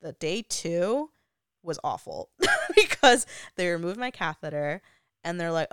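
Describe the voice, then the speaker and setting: A woman's voice: low-pitched, expressive, normal speed, a bit bright, clear, resonant tone, no echo. A young woman vlogger telling a personal story in a casual, chatty way, full of "like" fillers and frequent laughs. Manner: laughs often while talking.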